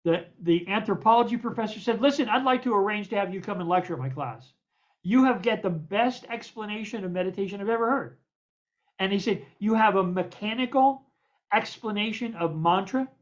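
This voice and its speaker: An older American man, a guest poet, tells stories from his past in an interview. He acts out the other voices in his tales, stammers and repeats words. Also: high voice. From United States. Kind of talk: anecdotal storytelling in an interview. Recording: dull lo-fi recording.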